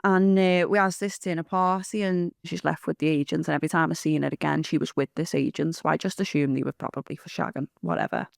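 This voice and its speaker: Gravelly woman telling a story. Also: sits low, fairly even intonation, no echo, studio quality. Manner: blunt, swears freely, fast rambling. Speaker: interviewee giving testimony. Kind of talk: candid storytelling.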